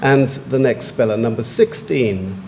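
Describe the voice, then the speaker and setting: A man, pronouncing words clearly and giving short definitions at a spelling competition. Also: medium pitch, expressive, darkish tone, a faint crowd, slight background noise. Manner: measured, repeats each word clearly and gives brief definitions. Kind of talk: formal word pronouncing at a competition. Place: large museum hall.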